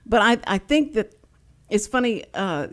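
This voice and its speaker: An older woman with a Texas accent hosts a casual talk radio show. She chats and tells stories in a lively way, and her voice sits at a middle pitch. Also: unhurried. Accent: Texan. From Houston, Texas. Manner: chatty storyteller, lively and animated.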